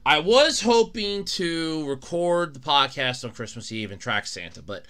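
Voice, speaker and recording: A young man hosting a solo podcast, chatting casually, excitable, often laughing and shouting. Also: on the high side, a little slow, clear, resonant tone. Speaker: podcast host.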